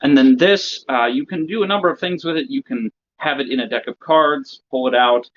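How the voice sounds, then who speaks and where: A man with a medium-pitched voice speaks fairly quickly in an instructional lecture for magicians, explaining a routine stage by stage and checking in with listeners. There's slight background noise, and the recording is slightly dull and lo-fi.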